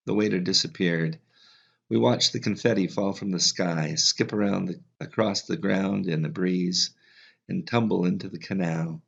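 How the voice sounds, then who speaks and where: A man reading a novel aloud in a calm, measured way as an audiobook narrator. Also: low-pitched, gravelly, breathy edge. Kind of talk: scripted narration. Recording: slightly dull lo-fi audio.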